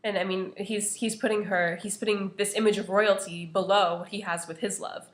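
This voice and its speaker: A woman's voice: medium pitch, fairly even intonation, normal speed. A young woman presenting an analysis of a poem to her class, earnest and full of "you know" fillers. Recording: echoey room.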